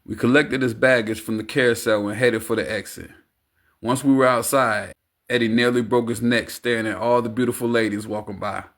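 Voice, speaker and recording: A man reading an audiobook aloud in a steady, unhurried narration. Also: medium pitch. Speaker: audiobook reader.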